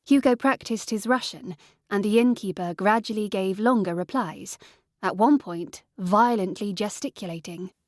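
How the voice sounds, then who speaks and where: A woman reads an audiobook in even, measured narration. Her pitch sits in the middle range, and the recording is dry and close, with no room sound. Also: dry recording. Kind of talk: scripted narration.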